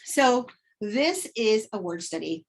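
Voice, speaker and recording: A woman teacher modeling a vocabulary lesson, acting out feelings in her examples and then explaining her method. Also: fairly high pitch. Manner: expressive, acts out emotions in examples, slow deliberate delivery. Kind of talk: teacher demonstration.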